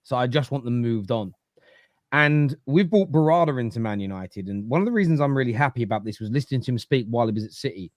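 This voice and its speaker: A man's voice: medium pitch, dry recording, clean studio sound. A man debating football on a fan podcast, opinionated, reading out viewer comments and rebutting them. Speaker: football podcast panelist, fan of his club.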